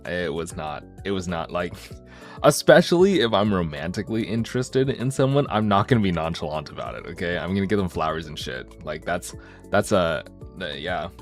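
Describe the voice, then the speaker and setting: Male streamer, casual and jokey, wildly expressive pitch over a low base. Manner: animated, jokey, swings between mumbling and high excited bursts.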